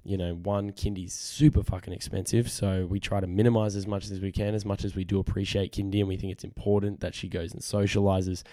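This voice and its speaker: Young aussie bloke with a husky cold voice, low and warm, talking into a dry podcast mic, keeps repeating himself. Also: male voice, dry recording. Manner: earnest, rambling, repeats words. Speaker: podcast host. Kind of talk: casual solo podcast monologue. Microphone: studio podcast microphone.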